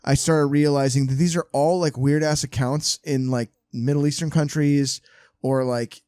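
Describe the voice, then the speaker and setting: A man's voice: a little high, normal speed, clean tone, no echo, clean studio sound. A man co-hosting a casual podcast, telling rambling, profane stories. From California. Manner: rambling, profane, animated storyteller. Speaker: podcast co-host. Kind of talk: casual chat.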